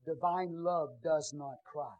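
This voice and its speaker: Preacher man in church, goes quiet then shouts it out, full sermon mode. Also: on the high side, steady tone, takes it slowly, poor audio. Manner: swings from quiet teaching to loud shouted preaching. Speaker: pastor. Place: church sanctuary.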